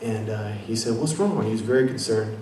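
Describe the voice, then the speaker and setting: This is a young Washington State man giving a sincere personal testimony of faith as a guest speaker, his speech peppered with fillers and restarts. His voice sits lowish, dark in tone and brisk in pace, far from the microphone. The audience-filled meeting room echoes, and faint noise comes through the distant pickup.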